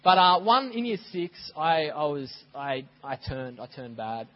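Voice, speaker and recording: Animated preaching man, slightly high voice. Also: measured pace, muffled recording. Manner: animated storytelling, acts out scenes. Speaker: pastor. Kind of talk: sermon. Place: church.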